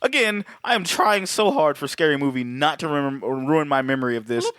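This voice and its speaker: A man's voice: a little high, expressive, brisk, fairly bright tone, smooth, no room sound. A man co-hosting a podcast, recapping in loose, profane casual chat with frequent laughter. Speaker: podcast co-host.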